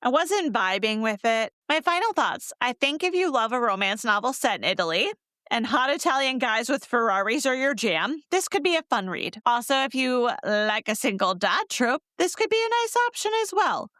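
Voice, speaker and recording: A woman's voice: on the high side, very animated, normal speed, bright, forceful tone, dry recording, studio quality. A woman co-hosting a romance book podcast, chatting candidly and laughing easily. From North Carolina. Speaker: podcast co-host reviewing romance novels. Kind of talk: casual chat.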